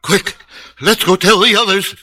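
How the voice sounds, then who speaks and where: An actor voicing an eager, impulsive male disciple in an audio Bible drama, urgent and excited. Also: sits high, a little slow, dry recording, full character voice. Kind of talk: radio drama acting.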